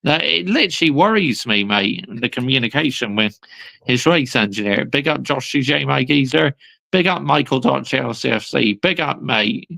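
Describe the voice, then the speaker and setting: A man's voice: mid-range voice, expressive, normal speed, vocal fry, bright, forceful tone. A young British man hosting a livestream, ranting as a fan and repeatedly calling viewers "people" and "mate". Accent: British English. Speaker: livestream host.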